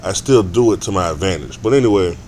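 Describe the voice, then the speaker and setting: A man's voice: low-pitched, animated, fast talker, a little mellow, a little hiss or hum. A man ranting casually in a vlog, profane and rambling, with stammered restarts. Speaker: sports vlogger.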